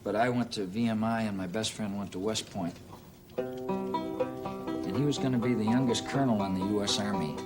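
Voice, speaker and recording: Man spinning a folksy stage yarn. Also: lowish voice. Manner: unhurried, halting delivery with many "uh"s. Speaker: stand-up storyteller. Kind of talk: folksy comic anecdote on stage. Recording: live audience laughter and band music.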